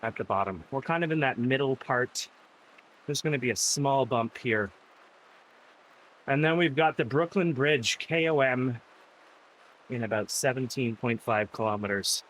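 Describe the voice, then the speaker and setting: A man's voice: mid-range voice, moderate pace, long pauses, a bit bright, slight background noise. A man live-streaming an indoor cycling ride, chatting casually with his viewers and riding partner and laughing often.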